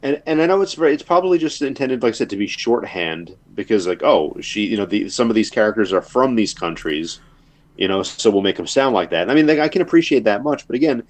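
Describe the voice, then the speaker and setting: A man in casual podcast chat with a lower voice. He is thoughtful and a bit hesitant, often pausing to find the right words. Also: lively intonation. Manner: hesitant, searching for words with fillers. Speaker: podcast co-host.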